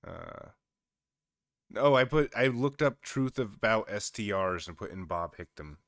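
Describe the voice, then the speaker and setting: Give me a low-voiced man doing incredulous, laughing reaction commentary. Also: fairly bright tone, no room sound, studio quality. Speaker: streamer commentator.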